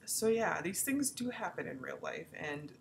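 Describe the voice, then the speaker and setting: Chatty, frank woman with a slightly low voice. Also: moderate pace, gravelly, slight background noise. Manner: chatty, frank, peppered with fillers and swearing; animated, acts out quoted lines. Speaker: romance author. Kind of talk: casual storytelling vlog.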